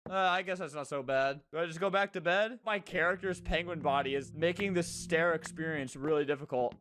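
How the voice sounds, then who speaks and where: A man's voice: fairly high pitch, fairly quick. Jokey, yelping male gaming YouTuber. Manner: energetic, jokey, yelps and exclaims. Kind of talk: casual gaming commentary. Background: game music.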